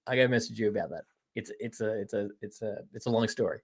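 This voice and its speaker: A quick-paced Australian podcast host speaks in a fairly low voice with a breathy edge. Live, he rambles chattily about shows and games, handles viewer comments, and says "mate" frequently.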